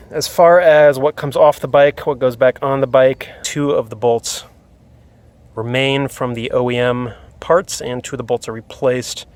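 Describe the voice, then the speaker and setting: A man filming a casual how-to walkthrough outdoors next to his motorcycle on his phone, a little out of breath from the heat and talking with many fillers. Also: mid-range voice. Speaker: motorcycle vlogger. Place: outdoors beside a motorcycle in hot weather. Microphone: phone camera.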